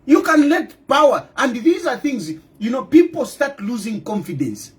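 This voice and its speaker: A middle-aged man with a Zambian accent delivering an impassioned political monologue, repeating his points and firing off rhetorical questions with loud outbursts. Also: very high-pitched, big pitch swings, moderate pace. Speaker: opposition party leader.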